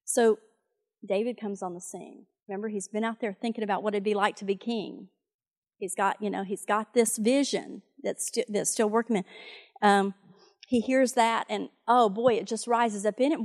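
A woman's voice: medium pitch, normal speed. A woman preaching a sermon, retelling a Bible story in a conversational way with fillers and asides.

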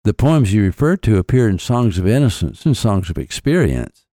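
A man with a lowish, warm voice lectures on poetry in a scripted podcast. His delivery is animated, and he slows to stress key phrases. The sound is dry and close. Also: no echo. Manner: lecturing, deliberate emphasis on quotations. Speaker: author and podcast guest lecturer. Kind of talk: scripted literary commentary.

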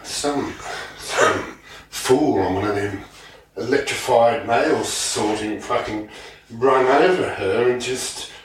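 A man's voice: medium pitch, takes it slowly. A man telling crude stories as a podcast host, swearing constantly and laughing mid-sentence. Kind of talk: casual storytelling. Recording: echoey room, distant mic, background noise.

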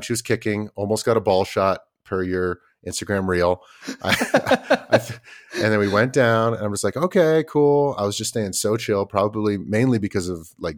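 A man in his thirties with a somewhat low voice, talking loosely on a parenting podcast. He rambles through his stories with plenty of fillers and drops the occasional curse. The tone stays easygoing and conversational throughout. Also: normal speed. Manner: swears casually. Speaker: podcast co-host. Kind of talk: casual chat.

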